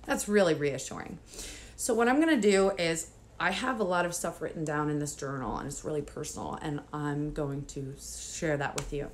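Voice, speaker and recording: A woman's voice: low-pitched, normal speed, slight background noise. A woman speaking to camera as a mom coach, nervous and emotional, close to tears with nervous laughs, then earnest and encouraging toward other moms. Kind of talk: personal vlog talking to camera.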